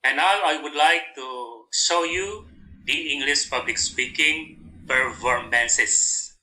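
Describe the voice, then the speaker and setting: Bright-voiced Indonesian man teaching slowly. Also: a little high, rough recording. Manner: repeats "and then" between points, reads out examples. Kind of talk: explaining slides in a lesson.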